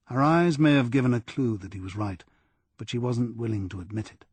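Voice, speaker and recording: A man narrating a crime audiobook in a measured, even storytelling manner. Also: mid-range voice, husky, dry recording. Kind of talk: scripted narration.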